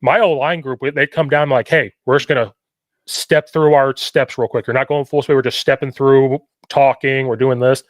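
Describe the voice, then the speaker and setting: A man hosting a podcast, telling coaching stories in an animated way and often quoting himself. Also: medium pitch, moderate pace, no room sound. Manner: animated storytelling, quoting himself, repetitive questions. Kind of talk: casual podcast conversation.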